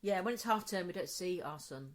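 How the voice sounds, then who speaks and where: A woman in her forties co-hosting a casual chat podcast, telling stories through laughter and acting out shouts and voices. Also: fairly low pitch, lively intonation, fairly quick. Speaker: podcast co-host.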